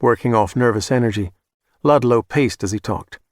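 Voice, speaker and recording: Measured man narrating a thriller audiobook. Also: mid-range voice, no echo, studio quality. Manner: measured, even storytelling.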